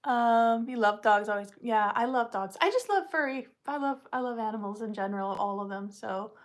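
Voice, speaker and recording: With lively intonation and a moderate pace, a woman chats rambly and casually on her livestream, peppering her talk with ums and uhs. She also coos at puppies in high-pitched baby talk.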